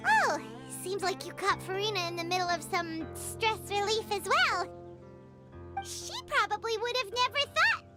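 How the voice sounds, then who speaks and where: A woman voicing a tiny, excitable floating companion creature who talks about herself in the third person. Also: extremely high pitch, a little slow, over music.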